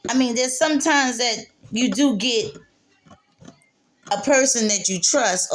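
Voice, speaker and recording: Emotional woman sharing her faith story. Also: mid-range voice. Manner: emotional, repetitive, laughs through tears; spiritual, speaks of God and faith. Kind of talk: candid personal monologue.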